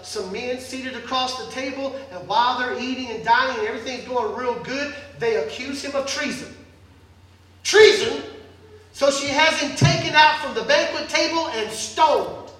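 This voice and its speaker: A pastor preaching a sermon in a church hall, telling the story in a lively, joking way. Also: male voice, very high voice, normal speed, few pauses. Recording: echoey hall, distant mic.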